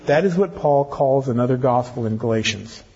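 A man's voice: medium pitch, normal speed, a little mellow, breathy edge. An older man preaching a sermon to his congregation, with teasing asides to the ladies in the pews. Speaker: pastor. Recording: dull lo-fi church recording.

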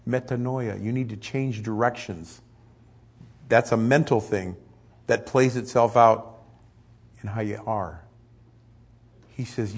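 Husky-voiced man preaching a sermon. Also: mid-range voice, unhurried, long pauses. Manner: conversational, animated, acts out quotes. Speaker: pastor.

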